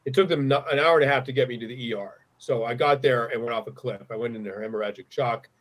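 Middle-aged man, husky, earnest storyteller who stumbles and restarts as he talks. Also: mid-range voice, fast. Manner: earnest, restarts often when moved. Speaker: guest. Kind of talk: conversational storytelling.

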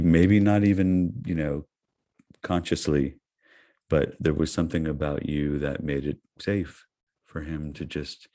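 A man interviewing a guest, affirming her with slow, measured praise. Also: very deep voice, darkish tone. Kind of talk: conversational interview.

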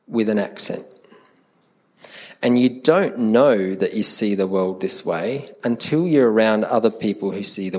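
A middle-aged Australian man from Adelaide preaching a sermon as a pastor, in a conversational, animated way that slips into quoted voices. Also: lowish voice.

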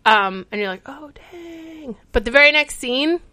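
A woman co-hosting a casual chat, retelling a TV episode with lively storytelling and acted-out quotes. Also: high voice, moderate pace. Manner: animated storytelling, acts out character quotes. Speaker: podcast co-host.

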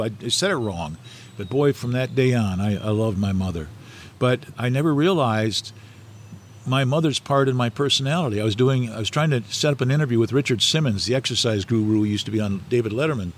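A man's voice: medium pitch, lively intonation, brisk, slight background noise. Rambling middle-aged man telling stories. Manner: rambling, anecdotal, with many fillers and restarts. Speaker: interview guest. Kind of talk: casual storytelling interview.

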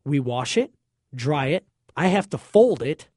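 A man's voice: on the high side, sing-song, a little slow, a little mellow, dry recording, studio quality. A man chatting casually, telling a long story with jokes and cleaned-up slang. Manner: chatty, joking, self-censoring slang.

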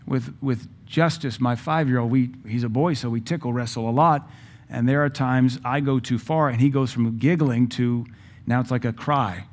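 A man preaching a sermon in a blunt, emphatic way, with sudden loud stresses, acting out the people he quotes. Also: mid-range voice, steady tone, moderate pace.

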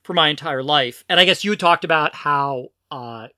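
A woman's voice: deep voice, moderate pace, pushed and bright, no echo, clean studio sound. A middle-aged transgender woman co-hosting a podcast, chatting in a rambling way, often restarting her sentences and prone to the giggles. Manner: rambling, giggly, self-interrupting. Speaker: podcast co-host. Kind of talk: casual podcast chat.

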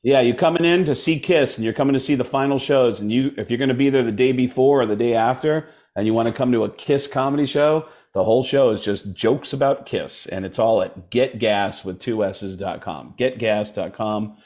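A man's voice: mid-range voice, a little fast, few pauses, a little mellow. A man, a comedian guest on a podcast, chatting casually and rambling with many fillers and restarts.

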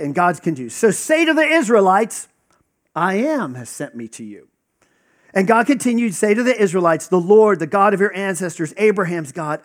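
A man preaching a conversational sermon, teaching casually with lots of fillers and acted-out dialogue. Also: high-pitched.

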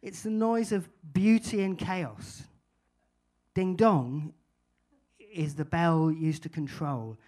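A man's voice: fairly high pitch, slow pace, darkish tone. A man voicing a German musician who lectures earnestly and insists on his point. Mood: insistent.

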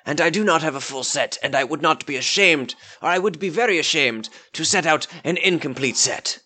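A man's voice: on the high side, expressive, fairly quick, bright, forceful tone, breathy edge, full character voice. A man voicing a polite, fretful aging nobleman who speaks formally. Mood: fussy. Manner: formal, courteous and fussy.

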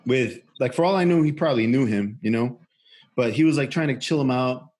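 A man's voice: mid-range voice, brisk, a little mellow. A man co-hosting a podcast, telling a rambling, profane story with lots of fillers and restarts. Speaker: podcast co-host. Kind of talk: casual storytelling.

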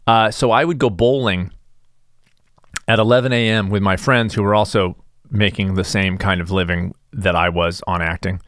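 A man's voice: low-pitched, fairly even intonation, normal speed, a bit bright, no echo, clean studio sound. A man hosting his own show, talking in a rambling, self-deprecating, stop-start comedic monologue. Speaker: host.

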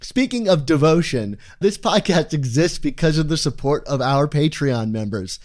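A man's voice: a little high, lively intonation, moderate pace, a little mellow. A man co-hosting a fan podcast, chatting in a playful, wordy, self-deprecating way, his S sounds a little heavy. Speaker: podcast co-host. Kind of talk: casual podcast chat.

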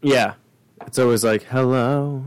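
A man's voice: medium pitch, moderate pace, no room sound, poor audio. A man hosting a casual podcast chat, telling rambling stories over a remote call. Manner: chatty, rambling storyteller. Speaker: podcast host.

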